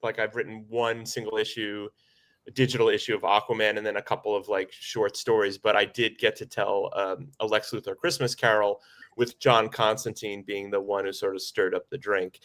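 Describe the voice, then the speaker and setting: A man with a bright, forward voice, talking on a video call as a guest writer. He brainstorms in a loose way and makes fun of himself. He laughs easily as he talks. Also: fairly low pitch, little pitch movement, normal speed. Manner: self-deprecating, laughs easily. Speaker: guest comic book writer. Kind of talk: casual brainstorming chat.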